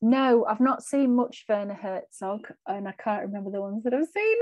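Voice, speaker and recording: A woman's voice: mid-range voice, moderate pace, few pauses, darkish tone, no room sound. A woman co-hosting a podcast, chatting casually, thinking aloud and laughing easily. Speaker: podcast co-host. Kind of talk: casual film chat.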